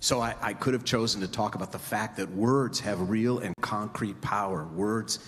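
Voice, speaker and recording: A man's voice: fairly low pitch, normal speed, fairly bright tone, a little hiss or hum. A man giving a sermon as a rabbi, in a conversational, joking storytelling way, in a temple sanctuary. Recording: reverberant hall, faint ambience.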